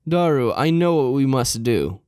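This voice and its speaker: A man's voice: mid-range voice, animated, normal speed, mellow, clean tone, no echo, clean studio sound, voice pushed down, lightly acted. A man voicing a grandiose young self-styled mad scientist, reading game dialogue aloud with theatrical, pompous declarations.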